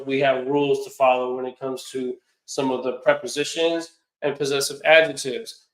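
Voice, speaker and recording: A man giving a classroom lecture in an earnest, repetitive way. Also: fairly high pitch. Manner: earnest lecturing, repeats himself. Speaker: teacher. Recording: echoey room.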